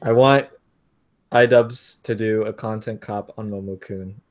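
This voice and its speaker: A man's voice: steady tone, a little slow. A man co-hosting a casual podcast, talking crudely and swearing freely. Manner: crude, swearing, acts out others in high voices. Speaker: podcast co-host. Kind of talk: casual drunk podcast chat.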